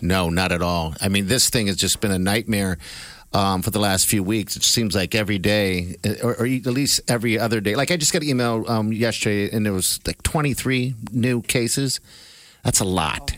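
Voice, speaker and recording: A man's voice: on the low side, normal speed, a bit bright, no echo. A man co-hosting a morning radio show, talking candidly in casual chat and telling rambling stories with many fillers.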